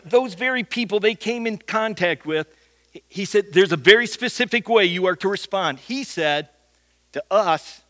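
A pastor preaching a sermon, telling a story and then teaching from Scripture in an emphatic, conversational way. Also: male voice, sits high, a bit bright. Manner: repeats words when starting phrases.

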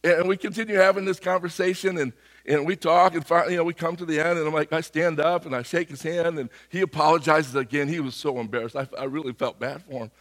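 A middle-aged pastor preaching in a casual, conversational way, his voice a little hoarse. He sits a touch higher than most men and tells his stories with animated energy. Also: quick pace, long reverb tail. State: slightly hoarse. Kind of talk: sermon with personal story.

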